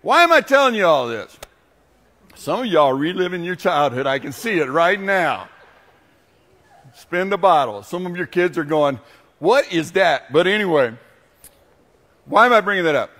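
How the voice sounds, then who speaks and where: A pastor preaching a sermon, a man telling stories with animation and then turning quiet and earnest. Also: high voice, sing-song, normal speed, pauses often, long reverb tail.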